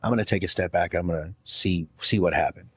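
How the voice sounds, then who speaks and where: Low, husky-voiced male guest. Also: fast talker, dry recording. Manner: earnest and heartfelt. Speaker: podcast guest, gym owner. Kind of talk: casual podcast conversation.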